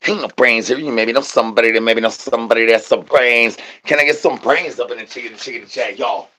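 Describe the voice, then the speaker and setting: A man hosting a livestream, talking to his chat in goofy rhyming nonsense with singsong repeats, swinging between low mumbles and loud shouts. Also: fast talker. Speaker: livestream host. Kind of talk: rambling comedic stream chatter.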